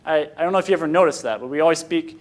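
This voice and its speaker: This Sunday school talk comes from a young American man from Michigan whose voice sits on the high side. It's informal and halting, full of restarted sentences, and ends with him taking questions.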